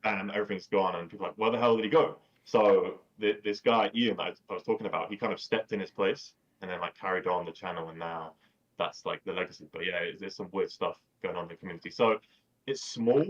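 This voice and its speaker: A man with a fairly low voice rambles through a casual chat, filling every sentence with "like" and tossing in the odd swear word. He comes through a video call, so the sound is dull and lo-fi. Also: quick pace. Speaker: podcast guest.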